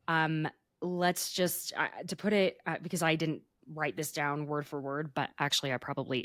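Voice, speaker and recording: A woman's voice: low voice, no echo, studio quality. Chatty woman dishing gossip. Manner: chatty, animated, laughs often, says y'all. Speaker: podcast co-host. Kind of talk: casual gossip chat.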